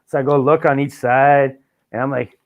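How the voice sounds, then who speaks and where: A podcast host from Canada, a man with a middle-pitched voice, talking loosely and swearing a lot. He acts out his stories and plays both sides of each exchange. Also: moderate pace. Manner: profane, animated storytelling with mimicked dialogue. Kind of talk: casual chat.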